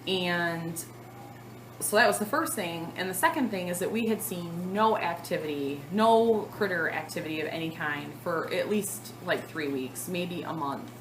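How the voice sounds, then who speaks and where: A woman in her thirties telling a long story to the camera in a casual vlog, chatty and animated, with lots of fillers. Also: lowish voice, normal speed, echoey room, slight background noise, poor audio. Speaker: cross-stitch vlogger.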